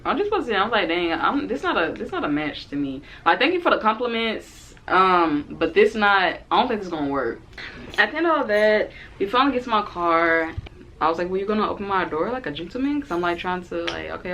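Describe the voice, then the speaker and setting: A woman in her twenties, a vlogger telling a story casually to the camera and acting out what both people said. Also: lowish voice. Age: 20s. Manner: animated, acts out both sides of the date in quotes.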